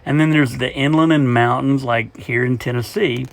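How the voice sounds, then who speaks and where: A man with a Gulf Coast Southern accent, talking casually to the camera on a hiking trail in a relaxed, unhurried way. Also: medium pitch, gravelly. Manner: relaxed, unhurried, with frequent fillers. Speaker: hiker vlogger. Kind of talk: casual trail vlog talk.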